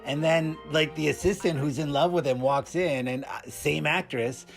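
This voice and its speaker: A man's voice: a little high, steady tone, moderate pace, vocal fry, soft background music. A man voicing a cheeky, randy male puppet who reviews movies, rambling and stammering through his comedic review with constant filler words. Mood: bemused.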